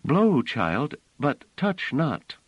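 A man voicing a gentle woman who speaks in an old-fashioned formal way in a storybook reading. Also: medium pitch, sing-song, drawn-out words, husky, no echo, dull audio, pitched above the performer's own voice, full character voice. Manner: old-fashioned formal speech with thee and thou.

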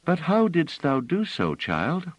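Storybook woman, softly raised voice, formal old-style speech, as a male narrator puts her on. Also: on the high side, huge pitch swings, slow pace, no echo, lo-fi sound, voice pushed up, heavily acted. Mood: surprised. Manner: old-fashioned formal speech with thee and thou. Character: gentle, formal woman musician.

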